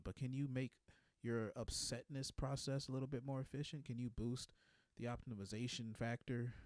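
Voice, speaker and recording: A man's voice: medium pitch, a little mellow, no room sound. Young man, comedian, rambling monologue, easygoing delivery, dry recording. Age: 20s. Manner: laid-back, rambling, keeps tagging lines with "man".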